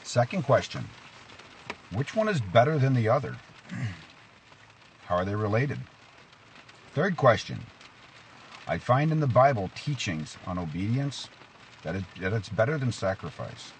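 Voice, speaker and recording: A man's voice: measured pace, pauses often, slight background noise. A man giving an informal devotional talk, asking questions and telling stories to make his point. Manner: questioning, tells stories, lively rises in pitch. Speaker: preacher. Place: outdoors in rain.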